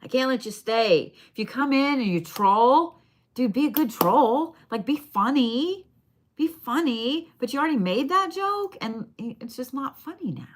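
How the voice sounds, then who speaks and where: A woman's voice: sits high, lively intonation, a little slow. A woman giving bone readings on a live stream in a casual, chatty way, swearing now and then and talking straight to her viewers. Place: her shop.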